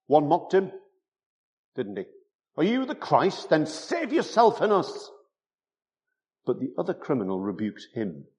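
A man's voice: lowish voice, darkish tone. A man preaching a sermon, emphatic and full of rhetorical tag questions.

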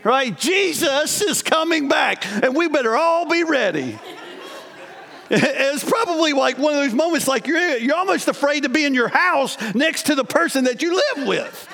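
Man in his 40s, very high pitched, telling his own story in a sermon in a big echoing hall; lively, laughing, keeps restarting his sentences. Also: normal speed. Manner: animated, laughing, self-interrupting. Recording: long hall reverb.

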